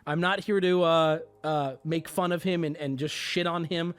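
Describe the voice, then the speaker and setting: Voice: medium pitch, steady tone, moderate pace, clean tone. A livestreamer chatting casually with viewers, loose and profane, talking straight to chat.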